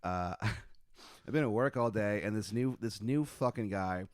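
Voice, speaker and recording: A man's voice: on the low side, unhurried, no room sound. Dry-sounding man telling restaurant stories. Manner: animated storyteller, acts out quoted exchanges. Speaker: podcast host. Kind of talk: casual chat.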